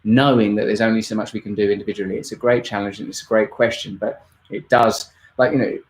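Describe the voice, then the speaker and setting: A man's voice: fairly low pitch, steady tone, fast talker. A man, hosting a rambling, jokey live-stream Q&A. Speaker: host.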